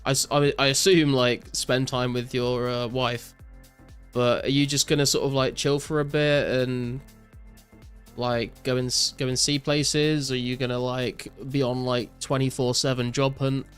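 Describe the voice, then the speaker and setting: A young man talks loosely to his live chat while he plays, reading their messages back and musing on his answers with plenty of fillers. His voice sits at an ordinary pitch and comes across smooth and clean. Soft music runs quietly underneath. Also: unhurried. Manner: relaxed, reads out chat messages and answers viewers with many fillers. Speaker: game streamer. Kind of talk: casual live-stream chat while gaming.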